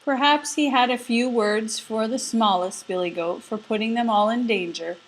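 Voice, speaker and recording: A woman narrating a folk tale in an expressive storybook reading. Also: a little high, normal speed, poor audio.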